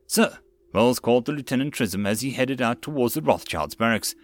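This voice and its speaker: A man reading a web novel audiobook in a steady narrating voice. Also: medium pitch, quick pace.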